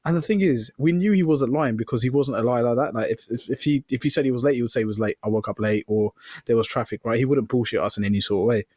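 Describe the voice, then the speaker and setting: Brief: male podcast co-host, mid pitch, animated storyteller, dry close mic. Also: quick pace, dry recording. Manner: storytelling, acts out quoted dialogue with swearing and laughter. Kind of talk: casual chat.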